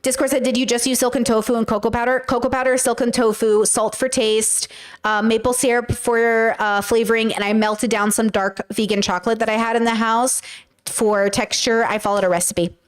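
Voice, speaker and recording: Higher-pitched woman hosting a livestream. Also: steady tone, moderate pace, smooth. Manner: candid, profane, talks to chat. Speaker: livestream host. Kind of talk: casual livestream talk.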